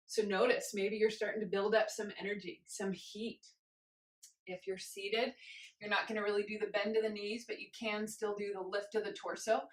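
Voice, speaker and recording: A woman instructor leading a guided movement class, cueing each step gently and chanting rhythmic counts while moving along herself. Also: mid-range voice, little pitch movement, moderate pace, roomy sound, poor audio.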